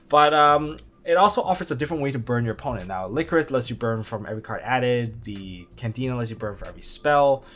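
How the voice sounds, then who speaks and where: A man talking through card strategy in a loose, unscripted commentary, his voice jumping up with excitement and then dropping into low, quieter asides. He sits at a middling pitch and slips in dry sarcasm now and then. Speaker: card game video host. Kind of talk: casual analysis commentary.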